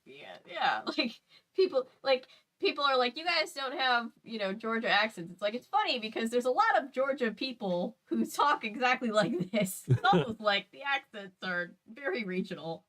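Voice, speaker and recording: A woman's voice: on the high side, normal speed. A woman who grew up in the American South, co-hosting a casual streamed chat and retelling stories with laughter. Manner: chatty, laughing, animated retelling. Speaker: co-host. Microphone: home desk setup.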